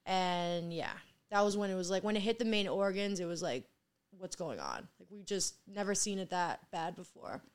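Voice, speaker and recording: Young woman in her 20s, smooth clear voice, rambly storyteller, says like a lot. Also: medium pitch, steady tone, moderate pace. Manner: chatty storyteller, fills with "like". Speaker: guest. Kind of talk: casual conversation.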